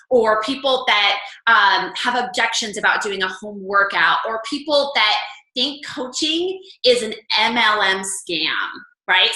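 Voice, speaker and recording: A woman leading a casual coaching call for her fitness business team, chatty and animated. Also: on the high side. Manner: chatty, animated, acts out quoted lines. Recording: echoey room.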